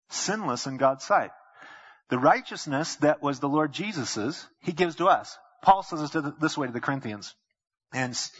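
Preaching pastor, husky lo-fi recording. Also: male voice, fairly bright tone. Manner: preaches with quoted voices and sudden pitch leaps. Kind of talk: sermon.

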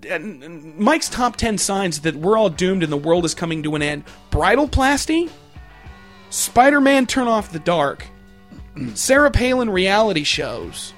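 A man's voice: high voice, big pitch swings, a little slow, fairly bright tone, soft background music. A man hosting a comedy show, ranting in a crude, rambling way and swearing constantly. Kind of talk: profane comedic rant.

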